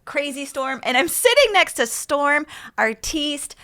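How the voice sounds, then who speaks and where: A woman's voice: high-pitched, sing-song, a little slow, a bit bright. A woman hosting a comedy podcast, chatting playfully and joking with her guest in a studio. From American South. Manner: bubbly, playful, jokey. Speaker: podcast host. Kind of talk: casual comedy podcast chat.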